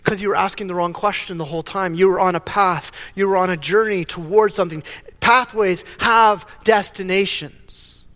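A man preaching a sermon as pastor, animated, often stumbling and repeating words as he builds a point. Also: high voice, moderate pace, in a large hall.

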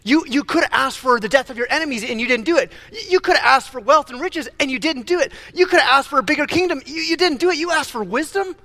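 A preacher voicing an overjoyed, eager God. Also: male voice, high voice, rapid-fire, few pauses, big-room sound. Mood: excited. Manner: excited, tumbling over his words.

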